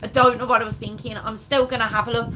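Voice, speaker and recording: A woman's voice: fairly high pitch, little pitch movement, quick pace. A woman hosting a live stream, chatting casually with her viewers in a rambling, self-mocking way. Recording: clear background noise with clicks.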